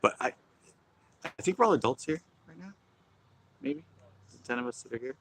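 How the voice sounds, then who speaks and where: A man's voice: fairly high pitch, big pitch swings, moderate pace, vocal fry, fairly bright tone, breathy edge, low-quality recording. A man hosting a casual fishing live stream outdoors on a pier, rambling and chuckling as he talks. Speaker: fishing livestream host.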